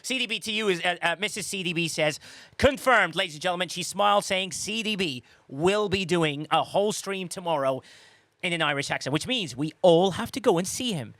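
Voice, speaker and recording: A man's voice: high-pitched, a little fast, fairly bright tone, no echo. A man hosting a casual podcast, reading viewer comments aloud and rambling through sarcastic asides. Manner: chatty, rambling, with frequent restarts and sarcastic asides. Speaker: podcast host.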